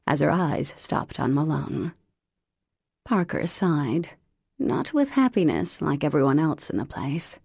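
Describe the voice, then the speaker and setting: A woman narrating an audiobook in an expressive, unhurried storytelling manner. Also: low-pitched, creaky, slightly rough, dry recording, studio quality. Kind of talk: scripted narration.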